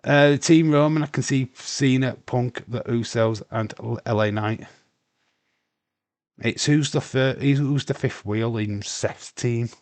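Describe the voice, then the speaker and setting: Slow-talking Yorkshire man, dry sound. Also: medium pitch, a little mellow, no room sound. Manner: swears freely, reads chat aloud, rambling with restarts. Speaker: livestream host. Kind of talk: casual live watch-along chat.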